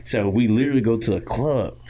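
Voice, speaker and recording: The Florida podcast co-host sounds brisk and mid-range here. Chatting casually, he recounts a childhood story with lots of fillers and restarts, breaking into loud, animated impressions of people whenever he quotes their lines.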